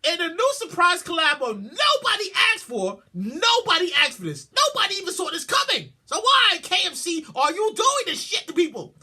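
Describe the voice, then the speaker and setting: A woman hosting a podcast, reading news headlines and reacting with loud exclamations, repeated words, swearing and a lot of laughter. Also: very high-pitched, huge pitch swings, moderate pace, hardly any pauses. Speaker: podcast host. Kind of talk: comic commentary on news headlines.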